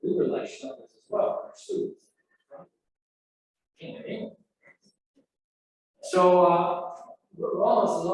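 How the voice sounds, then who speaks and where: An older man telling an animated anecdote at an alumni event, acting out the people he quotes. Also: sits high, slow pace, long pauses. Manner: animated, acts out quoted voices and sound effects. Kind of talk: anecdotal storytelling. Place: event room. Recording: echoey room from far off, faint noise.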